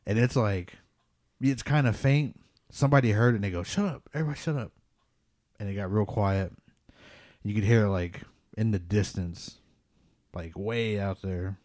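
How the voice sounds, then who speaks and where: A podcast host with a low, warm male voice recounts a personal ghost story during casual conversation, speaking at a measured pace and pausing often. He's relaxed and rambling, dropping "like" constantly. The recording is dry and close, with no room sound.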